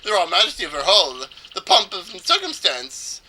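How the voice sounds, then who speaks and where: A man's voice: high-pitched, huge pitch swings, moderate pace, bright, forceful tone, voice pushed up, heavily acted. A man voicing a vain, pompous male ship owner in a fake Spanish accent, boasting grandly while reading game text. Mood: boastful. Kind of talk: let's play voice reading.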